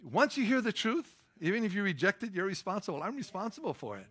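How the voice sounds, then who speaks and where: A man's voice: sits high, sing-song, quick pace, a bit bright, breathy edge. A middle-aged man preaching a sermon as pastor, emphatic and punchy, mixing scripture with personal stories. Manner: emphatic preaching with rising, stressed lines and storytelling asides.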